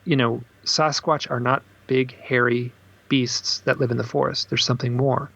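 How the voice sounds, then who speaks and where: Interviewed on a podcast as an author, this man tells long stories and acts out what people said, his pitch leaping up in bursts for the quotes. He speaks at a measured pace with a creaky voice, and the audio is dull.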